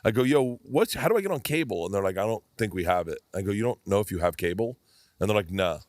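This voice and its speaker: Here the same kind of speaker, a man in his fifties guesting on a podcast, talks fast in a voice on the low side. He chats casually, rambling from story to story and acting out quotes with animation, captured in clean studio sound with no room noise.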